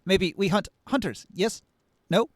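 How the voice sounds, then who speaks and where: A man's voice: high voice, measured pace, noisy background, pitched above the performer's own voice. A man voicing a mantis warrior who talks in broken, clipped phrases. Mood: eager. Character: male mantis warrior, terse clipped hunter.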